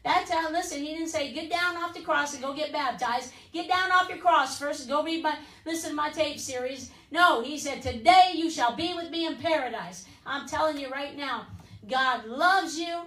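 A woman's voice: high voice, normal speed, fairly bright tone, echoey room, far from the mic, rough recording. A woman preacher delivering a fervent broadcast sermon and altar call, pleading with listeners and dropping in "listen" and "amen?" as she goes.

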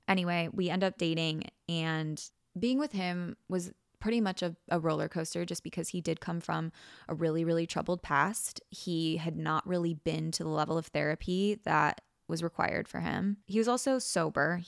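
A woman's voice: lowish voice, steady tone, moderate pace, vocal fry, smooth, no room sound, studio quality. A young woman hosting a podcast, telling a personal story frankly and vividly, acting out quoted lines and swearing casually. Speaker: podcast host.

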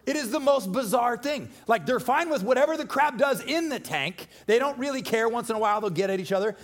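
A man preaching a sermon in a church, casual and joking, with animated bursts of energy. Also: extremely high pitch, fairly quick. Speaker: pastor.

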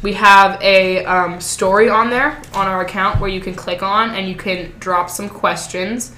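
A woman's voice: medium pitch, fairly even intonation, measured pace, sharp tone. A young woman co-hosting a podcast, chatting casually and rambling with lots of fillers and giggles. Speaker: podcast co-host. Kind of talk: casual chat. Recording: echoey room with faint noise.

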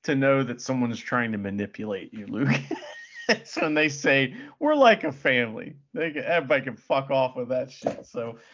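A man's voice: medium pitch, normal speed, a bit bright, highs cut off. A man co-hosting a casual film review podcast, sarcastic and swearing, with frequent laughs. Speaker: podcast co-host. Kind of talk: casual movie review chat.

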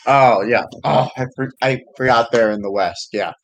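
A man chatting casually about a sports league, hesitant and unhurried, with frequent ums and restarts. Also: mid-range voice, creaky, slight background noise, poor audio.

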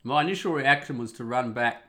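A man's voice: medium pitch, brisk, bright, forceful tone. A man telling a personal story in a casual, rambling monologue, wry and full of swearing. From Australia.

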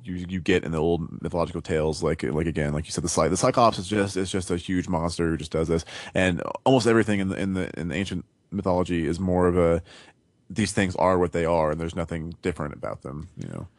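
Brief: male podcast co-host, deep and dry, muses analytically in relaxed chat. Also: fast, no room sound. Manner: thinks aloud, analytical. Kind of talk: casual book discussion.

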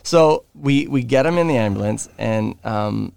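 A man's voice: medium pitch, lively intonation, measured pace, creaky, a little mellow, clean tone. A Canadian man co-hosting a podcast, animatedly telling a story and acting out the people in it. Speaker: podcast co-host. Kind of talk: casual storytelling chat.

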